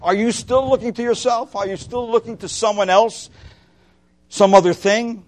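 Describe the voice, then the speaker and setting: A man preaching a sermon as pastor, impassioned, moving between loud emphatic lines and hushed ones, asking his listeners direct questions. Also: sits high, fairly even intonation, moderate pace.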